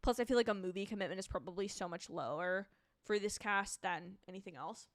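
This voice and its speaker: An excitable young woman hosts a live reaction stream, gushing and rambling as she answers viewer comments. Her voice sits in a middle range for a woman. The sound is dry and close, with no room echo. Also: mid-range voice, brisk. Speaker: TV reviewer hosting a live stream.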